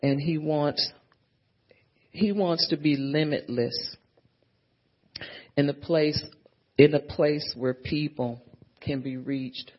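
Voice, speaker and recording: A woman's voice: low-pitched, slow, pauses often. A woman preacher delivering a sermon, punctuating her points with frequent amens and hallelujahs and repeating phrases as she builds them. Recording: dull lo-fi sermon recording.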